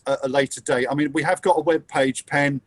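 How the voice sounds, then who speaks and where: A man from England hosting a question session on a video call, relaxed and full of fillers. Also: on the high side, fairly quick, dry recording. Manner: relaxed, hesitant, many fillers. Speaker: host of an online meeting. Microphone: computer mic on a video call.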